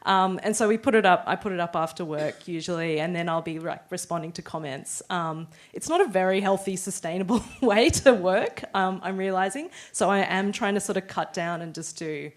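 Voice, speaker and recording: Lowish-voiced woman cartoonist chatting. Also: brisk, hardly any pauses. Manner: casual, filler-heavy, reflective. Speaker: cartoonist on a panel. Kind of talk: panel discussion.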